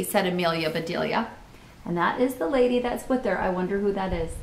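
A woman reading a children's book aloud, pausing to comment and ask listeners questions in an expressive way. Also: lowish voice, a little hiss or hum. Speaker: storybook reader. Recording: roomy echo.

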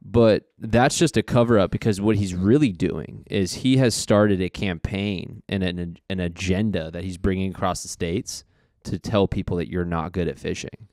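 A man's voice: deep voice, normal speed, hardly any pauses, a little mellow, no echo, clean studio sound. A man co-hosting a podcast, trading teasing, joking banter in casual chat. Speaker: podcast co-host.

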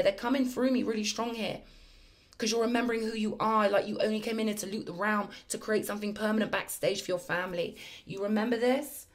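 A woman's voice: medium pitch, fairly even intonation, a little fast. A woman giving an effusive, emphatic spiritual tarot reading in a chatty way to her viewers. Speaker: tarot reader.

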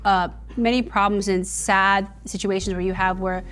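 A woman's voice: medium pitch, fairly even intonation, moderate pace, fairly bright tone. A woman in her fifties, a comedian guest in a casual interview, talking in a reflective way. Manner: reflective, drops to a breathy whisper for emphasis.

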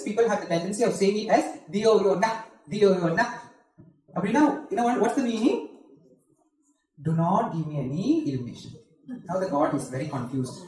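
A man's voice: sits high, a little mellow. A man teaching a group how to chant a mantra, patiently explaining each part and often checking with "okay?". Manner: chants the mantra in a slow sung tone. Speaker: spiritual teacher. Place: devotional centre hall. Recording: echoey hall, from far off.

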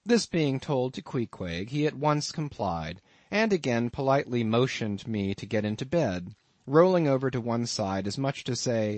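Man reading an audiobook, animated delivery. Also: medium pitch, normal speed, no room sound. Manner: expressive, dramatic reading. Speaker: audiobook narrator. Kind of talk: scripted audiobook narration.

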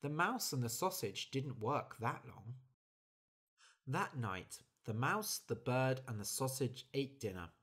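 A storyteller reading a children's story slowly and clearly for English learners. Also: mid-range voice. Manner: clear, deliberate, expressive.

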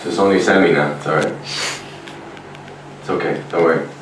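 An Irish man doing stand-up comedy in a rambling, deadpan way, on a comedy club stage. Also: low-pitched, a little fast, noisy background. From Ireland. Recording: echoey club room, mic far off.

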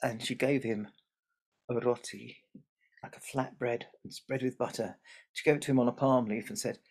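Male family storyteller, chatty, gravelly. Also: mid-range voice, steady tone, normal speed, darkish tone. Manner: chatty, asides to the audience.

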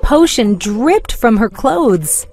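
A woman narrating a children's storybook in a slow, clear, expressive way. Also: fairly high pitch, faint music behind.

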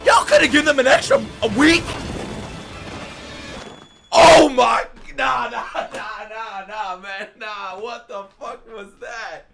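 A young man reacting to an anime, shouting, swearing and laughing in excited commentary. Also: sits high, measured pace, few pauses, music in the background. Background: anime soundtrack playing.

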